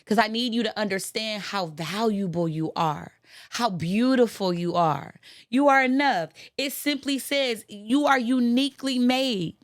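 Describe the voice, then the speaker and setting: Woman, motivational speaker, emphatic and repetitive, slightly high voice, dry sound. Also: no echo. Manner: fast, emphatic, repetitive call-and-response with the audience. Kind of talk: preaching-style motivational talk.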